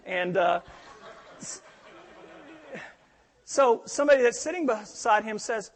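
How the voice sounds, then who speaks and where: A man's voice: high voice, lively intonation, slow, pauses often, long reverb tail, a little hiss or hum. A middle-aged male pastor preaching a sermon, telling stories animatedly and acting out the quoted voices.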